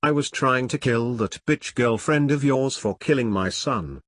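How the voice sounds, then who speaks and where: A man's voice: medium pitch, a little slow, fairly bright tone, no echo, studio quality, lightly acted. A man voicing a vengeful middle-aged male crime boss who talks bluntly and matter-of-factly.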